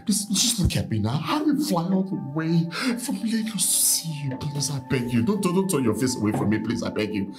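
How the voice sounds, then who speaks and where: A man's voice: on the high side, very animated, a little fast, few pauses. A man with a Nigerian accent playing a remorseful father who begs for his daughter's life. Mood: pleading. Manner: pleading, begging repeatedly. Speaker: desperate father. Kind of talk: Nollywood film acting. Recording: echoey room with music score.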